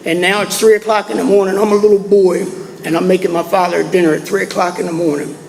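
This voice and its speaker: An older man from Maryland tells his life story to a recovery meeting, plainspoken and folksy, often repeating himself. His voice sits high for a man. A long hall reverb and faint room noise hang behind him. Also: level tone, fast talker, creaky. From Maryland, USA. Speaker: AA speaker. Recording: echoey hall with faint ambience.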